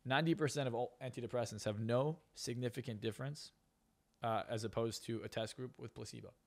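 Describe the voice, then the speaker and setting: Fast-talking blunt man on a podcast. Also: mid-range voice, fairly even intonation, gravelly, darkish tone. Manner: blunt, profane, emphatic storytelling. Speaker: hypnotist and success coach, podcast guest. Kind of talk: casual podcast interview.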